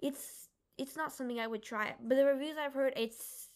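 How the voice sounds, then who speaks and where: A young woman co-hosting a relaxed podcast chat. She talks in a slightly high voice, chatty and loose, filling her sentences with "like" as she goes down her list. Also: moderate pace. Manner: chatty, lists items with frequent "like". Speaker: podcast co-host. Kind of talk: casual chat.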